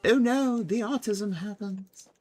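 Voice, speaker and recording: A woman's voice: mid-range voice, slow pace, darkish tone. A woman casually chatting and thinking aloud while she plays a game on a live stream, sometimes mocking herself. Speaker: livestreamer.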